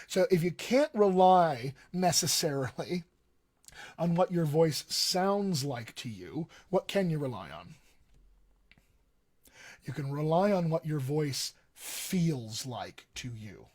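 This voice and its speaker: A man's voice: a little high, animated, takes it slowly, darkish tone. A man teaching a live-streamed voice lesson as a dialect coach, explaining things conversationally and speaking straight to his viewers. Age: young adult. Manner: conversational, explains with analogies, addresses viewers directly.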